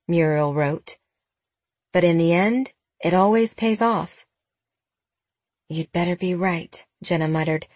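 A woman reading a story aloud as audiobook narrator, changing her pitch for the characters. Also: dry recording. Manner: shifts pitch for different characters. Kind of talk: scripted narration with character voices.

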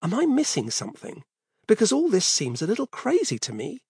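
A man voicing a frightened, angry father who shouts in a panic. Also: high-pitched, huge pitch swings, brisk, gravelly, husky, dry recording, studio quality, pitched above the performer's own voice, heavily acted. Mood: uneasy.

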